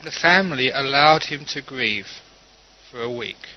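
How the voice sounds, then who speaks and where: A man, a Buddhist teacher giving a calm, storytelling dharma talk with gentle humor. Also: medium pitch, unhurried, a little hiss or hum. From London. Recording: dull lo-fi recording.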